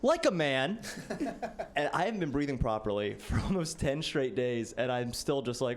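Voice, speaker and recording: A stand-up comedian in his late twenties performs a casual, self-deprecating set on stage before a live audience, sprinkling in "like." His voice is medium-pitched and very animated, at a normal speed.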